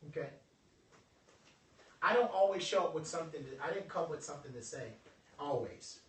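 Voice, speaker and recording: A man giving a joking, animated motivational workshop talk to a group. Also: on the high side, a little fast, recorded from a distance. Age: adult over twenty-five. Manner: animated, joking, preacher-like delivery. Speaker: motivational speaker. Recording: echoey room, voice from afar.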